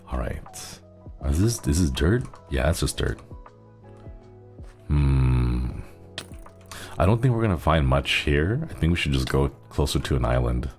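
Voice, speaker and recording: A man's voice: a bass voice, creaky, darkish tone. A man streaming a game, chatting casually and thanking viewers while resting a strained throat. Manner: rambling, chuckles often, thanks viewers. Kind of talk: casual gaming stream chat.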